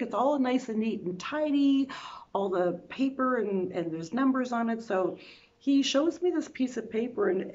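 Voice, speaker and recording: A woman vlogger telling her own travel story in a casual, animated way, often restarting sentences and adding quick asides. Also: medium pitch, dull audio.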